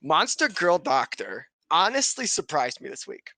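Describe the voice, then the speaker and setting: A man's voice: on the high side, sing-song, a little slow, bright, forceful tone, no room sound. A man hosting a podcast, casually recapping an anime episode with lots of swearing and laughter. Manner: profane, laughs often, loose rambling retelling. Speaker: podcast host.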